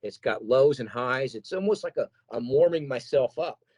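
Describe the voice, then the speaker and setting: A man who sings metal, chatting casually in an interview, rambling and animated as he tells stories about touring and keeping his voice in shape. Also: medium pitch, moderate pace, dry recording, poor audio. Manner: rambling, animated storytelling with quoted asides. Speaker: metal singer guest.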